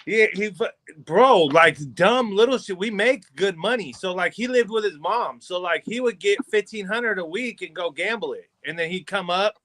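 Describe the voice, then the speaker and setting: High-voiced man telling stories. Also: moderate pace, few pauses. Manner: profane, animated, acts out quotes. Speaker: podcast co-host. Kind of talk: casual storytelling among friends.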